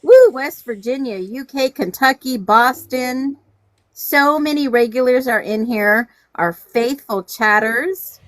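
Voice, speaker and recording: Cheerful higher-voiced woman co-hosting a stream. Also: takes it slowly, no echo. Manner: cheerful, laughs often, calls out chat locations. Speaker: livestream co-host. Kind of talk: casual livestream chat.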